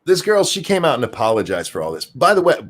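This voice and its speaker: A man's voice: mid-range voice, quick pace. Southern guy ranting on a podcast, voice swings up and down a lot, swears a bunch. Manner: animated, profane, repeats words when starting sentences. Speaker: podcast co-host. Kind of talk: casual ranting chat.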